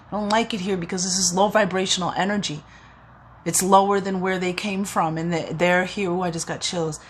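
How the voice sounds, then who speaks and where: Earnest, rambling woman with a low voice. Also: slight background noise. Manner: rambling, earnest and emotional, many restarts. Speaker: tarot reader. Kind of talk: spiritual oracle reading.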